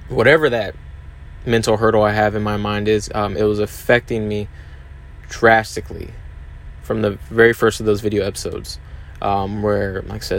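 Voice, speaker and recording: A man hosting his own podcast, talking hesitantly and openly about his struggles, with many fillers. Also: on the low side. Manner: hesitant, many fillers and restarts, open and confessional. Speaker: podcast host. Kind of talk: candid solo podcast monologue.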